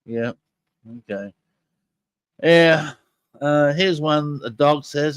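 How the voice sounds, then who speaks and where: A man's voice: fairly high pitch, extremely slow, clear, resonant tone, dry recording. An older man hosting a podcast, chatting casually and eagerly to listeners as he presents audio clips. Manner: chatty and enthusiastic, talking straight to listeners. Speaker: podcast host.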